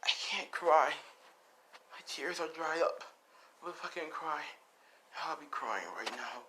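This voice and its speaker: A man voicing a gentle, loving mother on her deathbed, speaking weakly in a hushed, partly whispered voice. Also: on the high side, measured pace, background noise, voice pushed up, close to an everyday voice. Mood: frail, tender.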